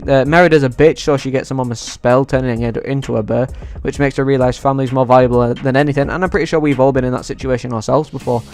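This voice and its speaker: A man ranking movies in a casual vlog, excitable and swearing freely. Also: mid-range voice, quick pace, few pauses, faint music behind. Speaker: YouTuber.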